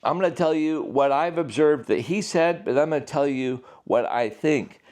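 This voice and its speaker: A man's voice: on the high side, moderate pace, darkish tone. A man, an author, speaking casually and emphatically in an unscripted monologue. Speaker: author and prophecy commentator.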